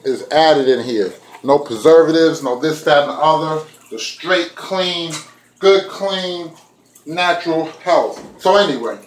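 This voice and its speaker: A man's voice: fairly high pitch, a little mellow, echoey room, poor audio. A man chatting casually to his viewers while he makes food in his kitchen, talking to them directly. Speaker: vlogger. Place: home kitchen.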